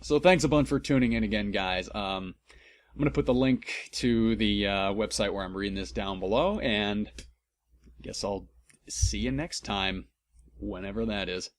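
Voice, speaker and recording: A man's voice: fairly low pitch, normal speed. Wry man reading aloud with comedic asides. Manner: wry, self-deprecating, stumbling asides. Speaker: comedic reader.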